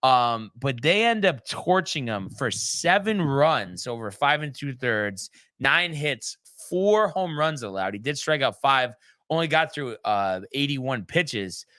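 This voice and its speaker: A man's voice: medium pitch, expressive, takes it slowly, pushed and bright, dry recording. A man hosting a sports talk show, recapping games in a loose, chatty way with many ums and restarts. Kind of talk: casual sports recap chat.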